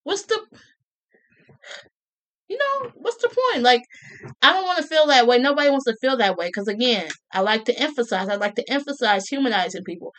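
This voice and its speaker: A woman's voice: sits high, expressive, fairly quick, fairly bright tone. A young adult woman talking casually to camera, joking, laughing often and repeating her phrases. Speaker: vlogger.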